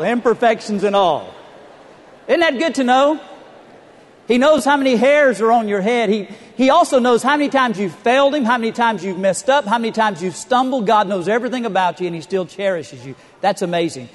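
A man's voice: high voice, in a large hall. A middle-aged male pastor preaching a sermon, telling stories with humor and building to emphatic points. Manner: storytelling with humor, rising emphatic delivery.

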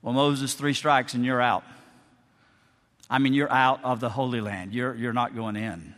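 A man voicing God as a stern, fatherly figure gently scolding Moses, in a lower, slower tone within a sermon. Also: fairly even intonation, big-room sound, lightly acted.

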